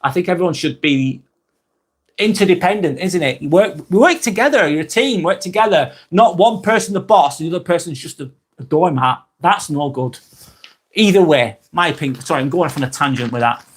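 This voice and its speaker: Northern English male live-streamer, slightly high voice, chatty and blunt, repeats himself. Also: lively intonation, a little fast, husky. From England. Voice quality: blunt, swears freely. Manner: chatty, repeats points, thanks viewers. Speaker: live vlog host. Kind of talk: casual live-stream talk.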